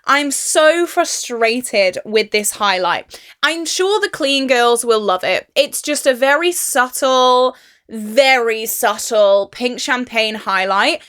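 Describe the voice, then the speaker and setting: A woman's voice: a little high, a bit bright. A young woman chatting through a makeup review vlog, emphatic and exasperated about a product. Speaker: beauty YouTuber.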